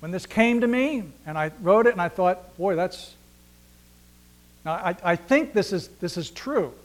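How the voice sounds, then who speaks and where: High-voiced preacher with dramatic hushes. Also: male voice, animated, unhurried. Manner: swings between loud emphasis and near-whispered hushes; acts out dialogue with God, asking rhetorical questions. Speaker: pastor. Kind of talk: sermon.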